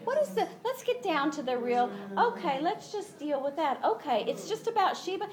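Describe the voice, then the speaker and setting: A woman's voice: high-pitched, normal speed. A woman giving a conversational Bible teaching to other women, acting out the quoted lines with a lifted voice. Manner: animated, acts out quotes with rising voice; conversational, frequent "you know".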